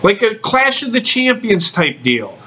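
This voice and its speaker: A man's voice: sits high, very animated, unhurried, pushed and bright, muffled recording, slight background noise. A man hosting a casual podcast chat, talking bluntly and swearing freely. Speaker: podcast host.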